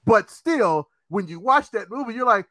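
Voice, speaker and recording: A man co-hosting a podcast in casual chat, animated and swearing, often acting out what people said. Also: high-pitched, moderate pace, no room sound. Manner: animated, swearing, acts out quotes. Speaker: podcast co-host.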